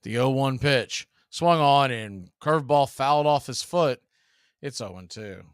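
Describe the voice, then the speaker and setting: A man calling live baseball play-by-play, steady and measured as he calls each pitch and count, with an occasional dry quip. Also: clean tone, no room sound. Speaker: play-by-play announcer.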